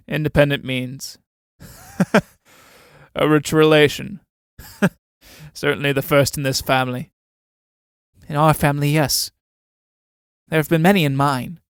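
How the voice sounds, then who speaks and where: A man reading the part of a sardonic aging army captain, dry and mocking, with a smooth, resonant voice on a dry close microphone. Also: a little high, steady tone, takes it slowly, pauses often, no room sound.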